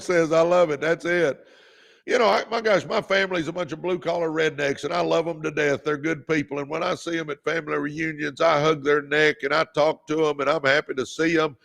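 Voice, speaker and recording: A man's voice: a little high, fairly even intonation, normal speed, vocal fry. A man past forty, hosting a motivational livestream with a fervent, preacher-like delivery. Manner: preacher-like, fervent, calls viewers baby, shouts encouragement. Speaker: livestream host.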